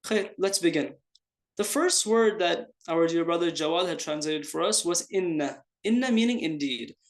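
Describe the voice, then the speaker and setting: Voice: mid-range voice, moderate pace. A teacher walks a class through scripture, mixing in Arabic terms and honorifics. The delivery is explanatory, with rhetorical questions, repetition for emphasis and frequent restarts. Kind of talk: online class lecture.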